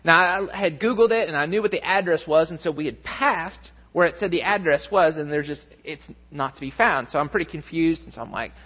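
A man preaching a sermon, telling a family story with lively, animated delivery. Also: fairly high pitch, a little fast, hardly any pauses, muffled recording. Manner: storytelling, animated, mimics voices in anecdotes. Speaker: pastor.

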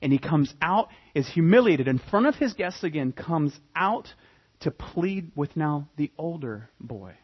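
A male pastor preaches with animated, dramatic storytelling, his pitch swooping widely. His voice is husky and sits a little high. The recording is dull and lo-fi. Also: unhurried. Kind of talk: sermon.

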